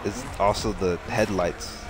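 A man's voice: fairly low pitch, a little slow, very noisy. A young man commenting casually over his racing game, rambling and joking at his own expense. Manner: rambling, self-mocking, laughs often. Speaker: gaming streamer. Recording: game music playing behind.

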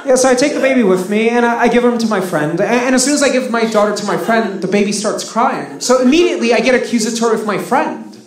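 A man's voice: extremely high pitch, lively intonation, quick pace, few pauses. A man from Russia performing live stand-up comedy with a dry, sarcastic delivery. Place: stage in a live comedy venue. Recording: roomy live venue with audience noise.

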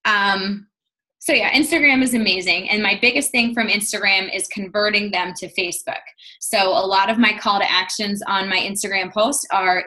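A woman's voice: medium pitch, fairly even intonation, normal speed, pushed and bright. Chatty upbeat young woman coach. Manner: chatty, upbeat, lots of fillers. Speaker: fitness coach. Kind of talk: casual team call presentation.

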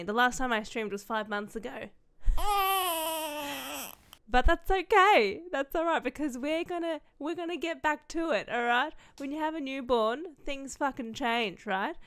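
Young female content creator, a touch high-pitched, gushing and sweary, rambling unboxing chatter. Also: brisk, few pauses, fairly bright tone, clear, resonant tone. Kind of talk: casual unboxing vlog.

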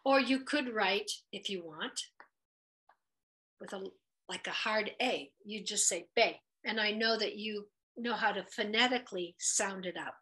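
A woman gives a patient, encouraging letters lesson, sounding out each vowel carefully. Her voice is bright and clear. She speaks at a slow, deliberate pace. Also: mid-range voice. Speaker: Hebrew teacher. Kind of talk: children's lesson at a whiteboard.

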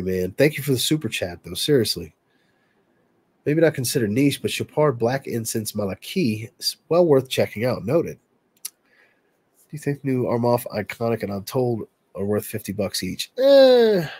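A man's voice: medium pitch, expressive, normal speed, a little mellow, slightly rough. A man with a stuffy, nasal, congested voice, answering viewer questions in casual livestream chat. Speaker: livestream host.

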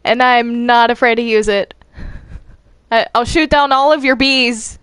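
A woman voicing a bossy, self-crowned young queen in a game role-play, imperious and shrill when crossed. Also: fairly even intonation, unhurried, fairly bright tone, clean tone, no room sound. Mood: haughty. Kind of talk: Minecraft role-play acting.

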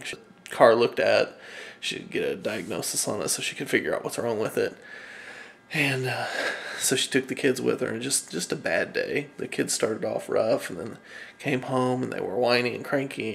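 Tired, gravelly-voiced man vlogging. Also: mid-range voice, a bit bright, a little hiss or hum. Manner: tired, rambling, chuckling often. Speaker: family vlogger. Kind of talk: casual vlog talk.

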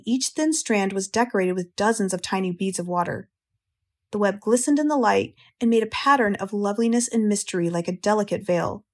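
An American woman narrating an audiobook in a calm, measured, gentle storytelling manner. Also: medium pitch.

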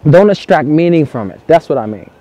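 A man speaking a little high for his sex but with a mellow, dark tone. He coaches earnestly in a vlog monologue, repeating his key points and swearing casually. He is recording outdoors in the cold. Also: animated, fairly quick, dry recording. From United States. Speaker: dating coach.

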